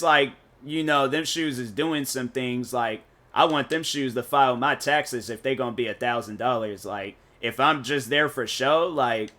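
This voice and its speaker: Male gaming streamer, bright tone, rambly and jokey, loose slang between moves. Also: medium pitch. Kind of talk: casual live-stream chat while playing.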